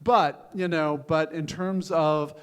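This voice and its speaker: An older man, a venture capitalist, giving frank, joking feedback on startup pitches, with many restarts and fillers. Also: fairly even intonation, takes it slowly, smooth. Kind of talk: live pitch coaching. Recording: hall reverb.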